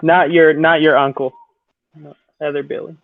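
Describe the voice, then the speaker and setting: A man chatting in a relaxed way on a live video call while a small child sits with him. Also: fairly high pitch, moderate pace. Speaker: guest on a live stream. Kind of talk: casual live-stream chat. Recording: tinny dry phone-like call.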